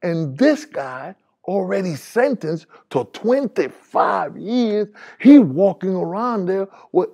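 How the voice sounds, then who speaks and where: A man delivers his spoken testimony as a preacher, his voice gravelly and husky, and he talks slowly. He is candid and plainspoken, with street phrasing. When he retells conversations his voice climbs higher and grows animated. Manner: animated, rising high when retelling dialogue.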